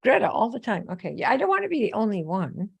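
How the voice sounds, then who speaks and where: Woman, live coaching host, middle pitch, chatty, animated storyteller, asks viewers questions. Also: fast, vocal fry, husky. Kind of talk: live online coaching talk.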